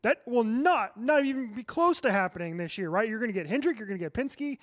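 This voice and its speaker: A man with a notably high voice co-hosts a motorsports radio show. He lays out his points analytically, in a matter-of-fact way. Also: animated, brisk, no room sound, clean studio sound. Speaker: radio co-host. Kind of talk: casual sports radio talk.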